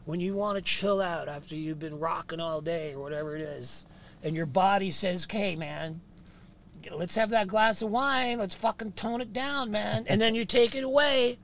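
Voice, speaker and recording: A man acting out his blunt doctor scolding a patient, in his own high voice. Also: normal speed, fairly bright tone, a little hiss or hum. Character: stern male doctor lecturing a patient.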